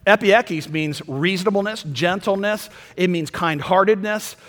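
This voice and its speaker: A man's voice: high-pitched, moderate pace. Impassioned preacher man in a big hall. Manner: impassioned preaching with sudden loud peaks and soft drops. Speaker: pastor. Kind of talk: sermon.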